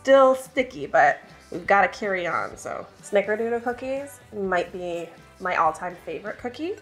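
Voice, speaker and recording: A woman's voice: mid-range voice, expressive, normal speed, faint music behind. A woman hosting a home baking video, chatting along in an upbeat, thinking-aloud way in her kitchen. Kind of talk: casual baking vlog chat.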